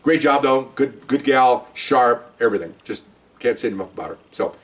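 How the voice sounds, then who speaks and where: Older male detective, casual rambling storyteller, mid pitch, recorded slightly off-mic. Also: expressive, moderate pace, distant mic. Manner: conversational, rambling, with many restarts and acted-out quotes. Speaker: retired police detective telling a story.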